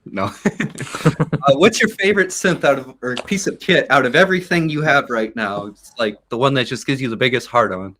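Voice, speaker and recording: A man's voice: mid-range voice, sharp tone. A man hosting a casual interview, joking around and scattered in his questions. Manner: joking, scattered, quick to laugh. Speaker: interview host. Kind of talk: casual chat.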